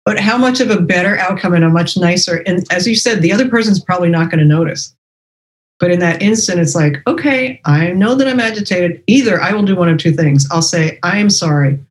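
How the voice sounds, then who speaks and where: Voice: medium pitch, quick pace, low-quality recording. A podcast host talking casually, reflective and affirming.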